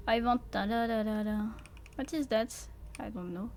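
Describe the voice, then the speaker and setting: Speaking at a moderate pace with a fairly high, creaky voice, a French-accented woman comments on her gameplay live. Her streaming is jittery and full of stammers, frequent laughs, and curses.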